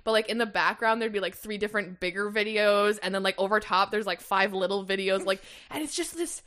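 Woman, podcast co-host, mid-pitched voice, casual chat, animated and profane. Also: brisk. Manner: animated gossip, swears, laughs along.

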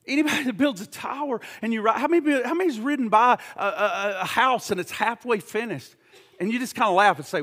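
Impassioned high-voiced male preacher. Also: fairly quick. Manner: impassioned preaching, swinging from loud fervor to hushed intensity, with repeated words. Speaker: pastor. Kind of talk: sermon.

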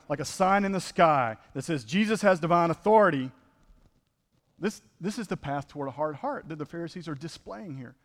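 A man's voice: high voice, in a large hall. A man preaching a conversational sermon as pastor, full of rhetorical questions.

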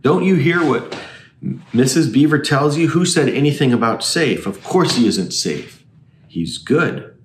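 A man's voice: medium pitch, animated, measured pace, reverberant, a little hiss or hum, pitched above the performer's own voice, lightly acted. A man voicing a fatherly male talking beaver in a storybook read-aloud, with emphatic delivery.

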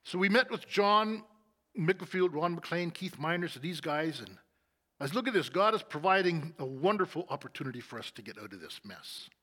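High-voiced middle-aged man preaching testimony. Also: animated, a little fast. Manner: storytelling, acting out dialogue, often dropping to a soft low voice. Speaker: church leader giving testimony. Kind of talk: sermon testimony.

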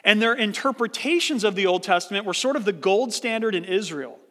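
A man's voice: high voice, expressive, fairly quick, pushed and bright. A man preaching a sermon as pastor, earnest, building his points with rhetorical questions. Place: church sanctuary. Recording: reverberant church hall.

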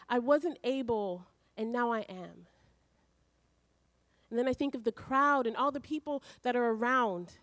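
A woman preaching a sermon to a small group, telling a personal story with animated strings of questions. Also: fairly high pitch, dry recording. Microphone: handheld mic.

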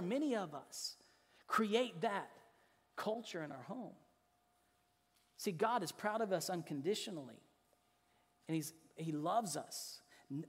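A man preaching a sermon as pastor, earnest and emphatic, repeating key phrases and dropping soft and low to drive points home. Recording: long hall reverb.

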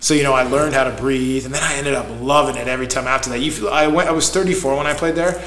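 A man tells a long, loose story as a podcast guest, piling up filler words as he goes. His voice sits at an ordinary middle pitch. The recording carries a noticeable roomy echo. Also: steady tone, fast talker, a bit bright. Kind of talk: casual chat.

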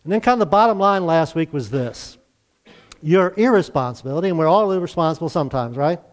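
A man's voice: a little high, lively intonation, fairly quick. A middle-aged male pastor giving a sermon in a conversational way, with fillers and questions to his congregation.

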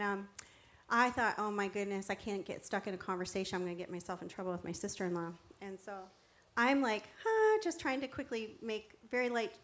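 A middle-aged woman telling a faith testimony in an animated way, acting out the quotes and laughing often. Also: medium pitch. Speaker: guest sharing testimony. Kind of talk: storytelling testimony.

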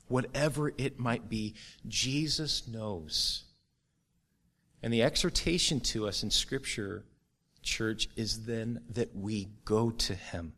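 A middle-aged man preaching a sermon to his church, earnest and building to a forceful, rising close. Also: fairly low pitch. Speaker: pastor.

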